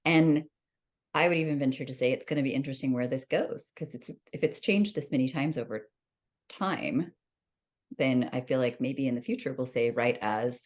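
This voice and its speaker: Giggly low-voiced woman podcast host. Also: normal speed, darkish tone. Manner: giggly, laughs often between remarks. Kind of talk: casual podcast chat.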